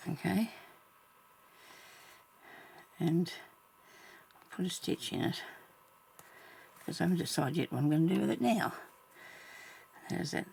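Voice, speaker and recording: A woman vlogging as she sews, chatting casually to herself and the viewer, often trailing off mid-thought and sometimes dropping to a soft whisper. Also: low-pitched, gravelly, husky. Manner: drops to soft whispers at times. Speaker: sewing vlogger. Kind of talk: casual thinking aloud while stitching.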